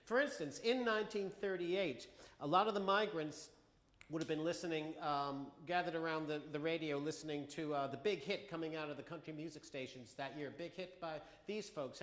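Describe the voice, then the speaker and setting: A man giving a conversational, wry museum talk to an audience, with halting restarts. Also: on the high side, fairly bright tone. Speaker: lecturer and folk singer. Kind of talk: museum talk with sung examples. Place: museum hall. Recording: echoey hall with guitar. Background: acoustic guitar.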